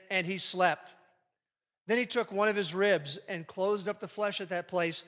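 Male Bible teacher, bright forceful tone, lively joking sermon delivery, big echoing hall. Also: high voice. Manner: lively, joking, reads scripture aloud. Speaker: Bible teacher leading a marriage class. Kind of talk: live sermon-style teaching to an audience. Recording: long reverb of a large hall.

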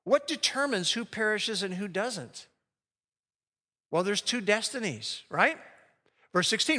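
A man preaching a sermon as a pastor, emphatic and slowing down to read scripture aloud. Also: high voice, very animated, pushed and bright. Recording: long hall reverb.

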